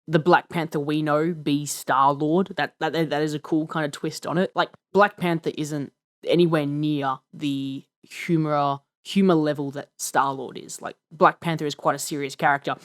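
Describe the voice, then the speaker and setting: A man's voice: on the high side, steady tone, normal speed, a bit bright. A man co-hosting a podcast in casual chat, enthusiastic and often repeating words as he goes. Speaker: podcast co-host.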